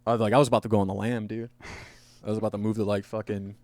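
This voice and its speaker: A man's voice: fairly low pitch, flat delivery, very fast, a little mellow. A man telling a rambling, profane story on a casual podcast, laughing at himself as he goes. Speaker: podcast host. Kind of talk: casual storytelling among friends.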